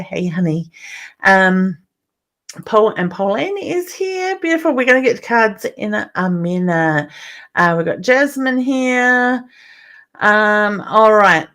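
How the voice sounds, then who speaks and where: A woman with an Australian accent hosting a live stream as a psychic medium, reading out viewer comments and greeting people by name in a chatty, affectionate way. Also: on the low side.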